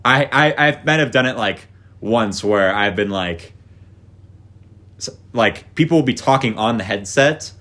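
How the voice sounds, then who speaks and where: Young man, casual podcast chat, mid-pitched ordinary voice, rambling, swears a lot, acts out quotes, co-host. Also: animated, measured pace, fairly bright tone. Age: young adult.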